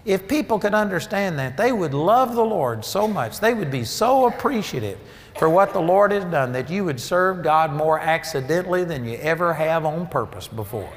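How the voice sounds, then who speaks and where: Guy preaching, emphatic, kinda high voice, long hall echo. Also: big pitch swings, normal speed, slight background noise. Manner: emphatic, rising for emphasis, storytelling asides. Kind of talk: sermon. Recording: long reverb of a large hall.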